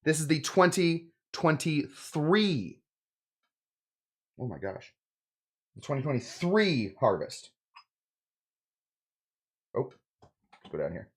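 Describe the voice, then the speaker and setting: A man's voice: on the high side, very animated, takes it slowly, pauses often, breathy edge. A man hosting a casual cocktail-making demonstration, joking and rambling with lots of asides. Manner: joking, rambling, self-interrupting. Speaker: host of a cocktail channel.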